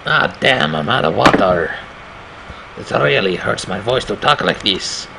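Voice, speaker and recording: A man with a raspy voice doing casual commentary on a horror game, reacting with swearing and startled remarks. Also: on the low side, animated, unhurried, noisy background. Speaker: gameplay commentator.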